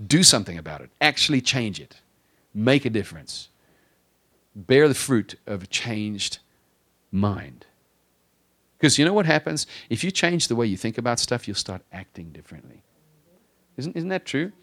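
A pastor delivers a sermon in a chatty, self-mocking style, his pitch and volume climbing for emphasis and his pace slowing on important phrases. His tone is fairly bright and sing-song.

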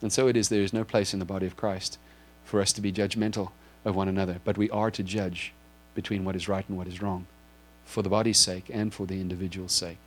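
Earnest low-voiced male preacher. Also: little pitch movement, quick pace, few pauses. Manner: earnest, questioning the congregation directly; explains with a drawn board, asks if listeners follow. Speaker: pastor. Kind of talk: sermon.

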